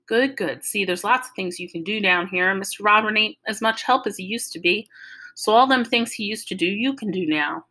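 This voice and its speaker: A woman's voice: medium pitch, moderate pace, pushed and bright. A woman voicing an old Southern grandmother with a firm, emphatic drawl while reading a novel aloud. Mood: bossy.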